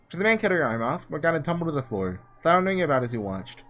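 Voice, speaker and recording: A man reading aloud the halting first-person narration of a guilt-ridden young man in a visual novel. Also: fairly high pitch, sing-song, a bit bright, faint music behind.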